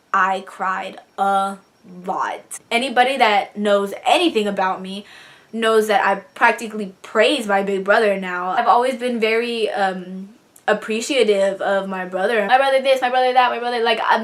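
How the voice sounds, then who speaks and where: A woman's voice: mid-range voice, fairly bright tone. A young woman vlogging in a casual, chatty way, laughing now and then and getting teary as she talks about her brother. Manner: chatty, giggly, tearing up while reading a letter. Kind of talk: casual chat to camera.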